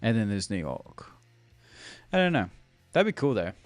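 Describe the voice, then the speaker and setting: With a lowish, very animated voice at normal speed and no echo, this young Australian man keeps up a rambling live-stream chat. Faint music sits underneath as he laughs and names viewers.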